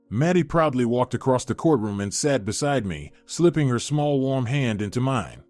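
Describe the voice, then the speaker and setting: A man narrating a scripted first-person drama story in an expressive, dramatic way. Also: mid-range voice, moderate pace, hardly any pauses, no echo, soft background music.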